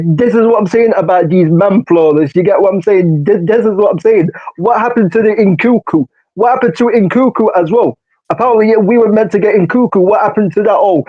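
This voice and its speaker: A man with a high, mellow voice rants about his football club, circling back and repeating himself with plenty of slang. His podcast audio sounds dull and lo-fi. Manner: ranting, repeats phrases, slangy. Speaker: podcast co-host. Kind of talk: casual football chat.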